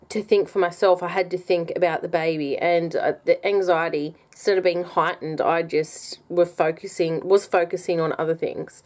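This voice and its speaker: A woman's voice: lowish voice, a little mellow. A young woman, talking casually and candidly to camera in a personal vlog, with lots of ums and restarts. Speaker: vlogger.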